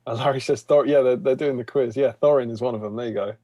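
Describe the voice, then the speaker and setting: A man's voice: mid-range voice, quick pace, dark tone, no room sound. A man co-hosting a casual painting stream, reading out viewer comments with a joking manner. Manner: jokey, reads out chat messages aloud.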